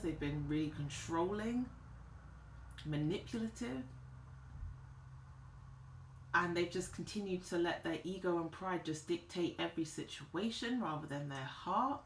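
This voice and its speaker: A woman giving a tarot reading in a vlog, talking in an emphatic, animated and slangy way. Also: low voice, a little hiss or hum. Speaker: tarot reader. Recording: roomy echo.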